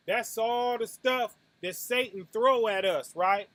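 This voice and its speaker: A man with a high voice preaching at an unhurried pace, talking to listeners like friends in a casual sermon. He drops to a quiet murmur, then jumps into loud bursts and makes punching sounds, and keeps tossing in "right?" to his listeners. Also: no echo. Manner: swings from low and soft to loud bursts. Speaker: preacher hosting a Sabbath night talk.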